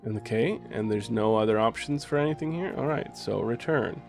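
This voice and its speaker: A man's voice: fairly low pitch, normal speed, gravelly, faint music behind. A man streaming a game, commenting casually, swearing freely and reading on-screen text aloud.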